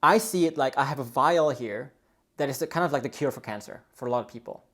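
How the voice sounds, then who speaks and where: An earnest man coaching listeners on relationships, talking straight to camera in a steady, explanatory way. His pitch sits in an ordinary middle range, and he keeps circling back to stress his points. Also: brisk. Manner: earnest and explanatory, leans on "really" and "you know". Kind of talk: coaching video talk to camera.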